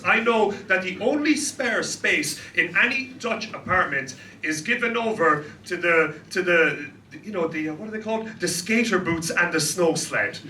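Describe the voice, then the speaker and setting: A male stand-up comedian working a club crowd, animated and laughing between jokes. His voice sits very high and swings widely in pitch. The recording is roomy and distant, with clear noise around it. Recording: echoey room, distant, noisy.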